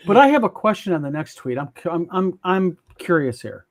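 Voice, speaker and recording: A man's voice: high voice, very animated, a little fast. A man co-hosting a casual chat, with a voice a little above the usual male range. He reads posts aloud with dry, teasing remarks. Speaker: co-host.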